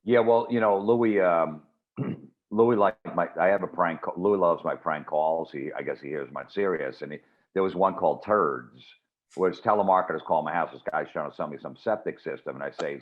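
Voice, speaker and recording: A man's voice: low voice, fairly quick. A man guest comedian telling rambling, dry anecdotes in a casual chat. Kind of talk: casual storytelling. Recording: dull lo-fi audio.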